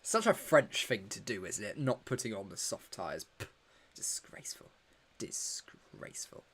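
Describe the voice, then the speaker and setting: A man's voice: on the low side, big pitch swings, normal speed, fairly bright tone, slight background noise. A man hosting a casual live watch-along, chatty and joking as he reacts to the action and answers viewer questions, tired and yawning. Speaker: livestream host.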